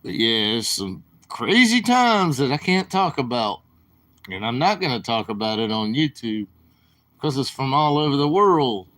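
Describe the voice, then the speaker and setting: A man's voice: medium pitch, big pitch swings, fairly bright tone. A man rambling and apologizing in casual chat on his live stream. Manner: rambling, apologetic, slow-talking.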